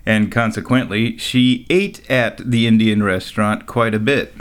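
A man's voice: lowish voice, steady tone, unhurried, fairly bright tone. A middle-aged man talking in a rambling, casual monologue, often laughing at his own stories and tossing in sarcastic asides. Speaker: vlogger.

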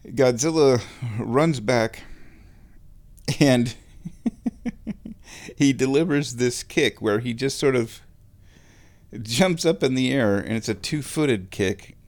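A man hosting his own show, talking in a relaxed, rambling way while lying down and chuckling often. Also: medium pitch, takes it slowly, long pauses. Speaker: solo show host. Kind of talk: casual monologue.

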